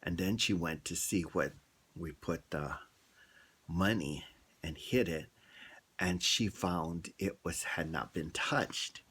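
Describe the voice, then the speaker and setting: A man's voice: low voice, slow pace, fairly bright tone, slightly rough. A man vlogger telling a story in a casual, chatty way and asking his viewers questions.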